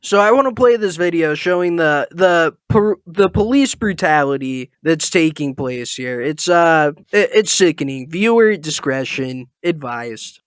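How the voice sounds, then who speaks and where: A man hosts a podcast with a sore throat, joking and slipping into mocking voices. His voice is a little higher than most men's and comes through clear and smooth. It is recorded close and dry. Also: animated, a little slow, hardly any pauses, dry recording. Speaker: podcast host. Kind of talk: casual podcast chat.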